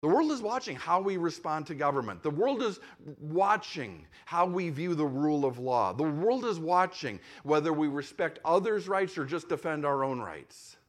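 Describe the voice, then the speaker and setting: A man's voice: on the high side, big pitch swings, moderate pace. A male pastor preaching in a conversational way, repeating phrases for emphasis and acting out imagined objections. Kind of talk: sermon.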